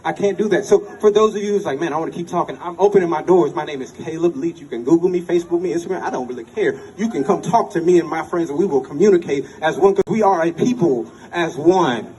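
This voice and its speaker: A man's voice: a little high, expressive, quick pace, few pauses. A man in his twenties with an American accent, giving an impassioned rally speech at an outdoor protest and repeating his phrases like a preacher. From United States. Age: 20s. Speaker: protest speaker. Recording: distant mic with loud crowd noise. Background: cheering crowd.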